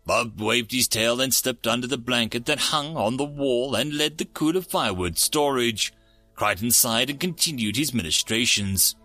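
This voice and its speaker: A man narrating a story aloud in an expressive, animated audiobook reading. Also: mid-range voice, moderate pace, dry recording, soft background music.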